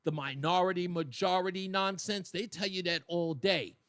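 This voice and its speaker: A man's voice: sits high, moderate pace, fairly bright tone, no room sound. A man hosting a talk radio show, delivering a colloquial opinion monologue with mocking asides into a studio microphone.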